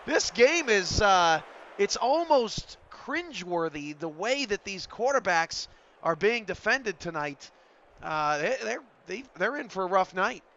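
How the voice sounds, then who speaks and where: Excitable male play-by-play voice. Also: high voice, unhurried, highs cut off. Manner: excitable, surges loud on big plays. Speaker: play-by-play commentator. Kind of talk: sports commentary.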